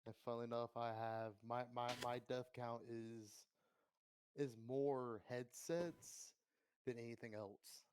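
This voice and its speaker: A man's voice: medium pitch, fairly even intonation, measured pace, a little mellow, smooth. A man co-hosting a casual gaming podcast, tired from long work nights, chatty and self-deprecating. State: tired from work, sore eyes. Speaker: podcast co-host and streamer.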